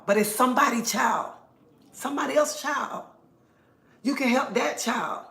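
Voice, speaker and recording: Middle-aged woman, livestream host, earnest and preachy, repeats herself, gravelly voice in a roomy space. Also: sits high, unhurried, fairly bright tone. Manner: earnest, preachy, repeats her points for emphasis. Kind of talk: casual livestream monologue. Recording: roomy echo.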